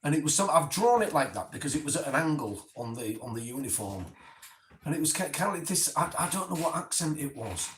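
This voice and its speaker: A man's voice: on the high side, very animated, fairly quick, fairly bright tone. A man chatting animatedly about his impressions, often stumbling and restarting mid-word. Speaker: experiment subject. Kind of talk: casual chat recalling impressions. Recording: distant mic, echoey room, faint noise.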